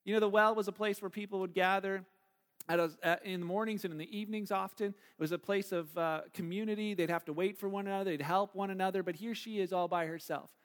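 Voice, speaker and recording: High-voiced man preaching in a reverberant hall. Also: fairly even intonation, quick pace. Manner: conversational, acts out the people in the story. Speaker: pastor. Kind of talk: sermon.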